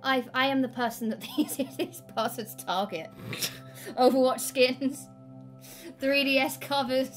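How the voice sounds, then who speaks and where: A woman's voice: sits high, steady tone, faint music behind. A woman chatting casually as a guest, bubbly and gushing about games. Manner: bubbly, gushing, quick to laugh. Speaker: guest co-host. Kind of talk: casual chat.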